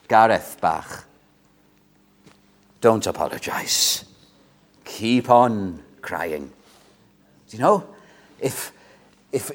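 Impassioned preacher, lively pitch. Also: male voice. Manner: earnest, pleading preaching that swings between loud and soft. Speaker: pastor. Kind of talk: sermon. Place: church.

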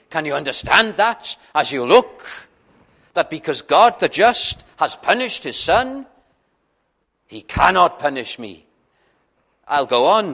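A man's voice: a little high, very animated, slow, long pauses, bright, forceful tone. A man preaching an evangelical sermon, pleading with his listeners in questions, stumbling on first words and building to fervent peaks. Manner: stammers on openings.

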